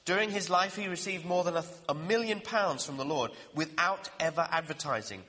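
Preacher, male, bright lively voice, earnest sermon, reverberant hall. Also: fairly high pitch. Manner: earnest, questioning, slows down for emphasis.

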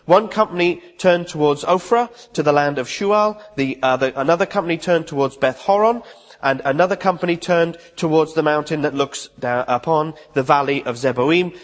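Male preacher giving a chatty sermon in a reverberant church hall, voice on the higher side. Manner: conversational, with restarts and asides.

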